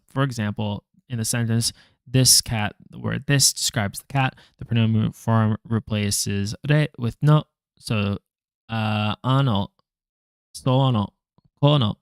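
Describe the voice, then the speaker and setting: A man at an everyday middle pitch talks through his study notes in a halting, self-correcting way, tossing in dry asides. The sound is close and dry, with no room echo. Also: gravelly. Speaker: language learner vlogger. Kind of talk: thinking-aloud study session.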